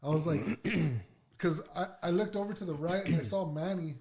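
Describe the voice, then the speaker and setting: A man who is a podcast guest, chatting casually and calmly, stepping in to correct the details of the story. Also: on the high side. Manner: measured, chimes in to correct details.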